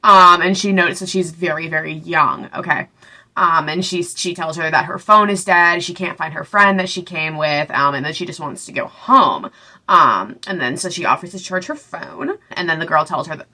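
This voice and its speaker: Young woman vlogger, lowish bright voice, swears freely and dramatizes the story. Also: normal speed. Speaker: book recap vlogger. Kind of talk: casual book recap.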